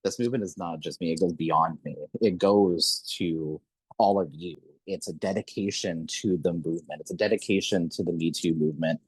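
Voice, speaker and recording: A man's voice: sits low, fairly even intonation, normal speed, husky, dry recording, poor audio. A man hosting a podcast, speaking earnestly and with open emotion as he thanks his guests. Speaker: podcast host. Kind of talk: closing remarks of an interview.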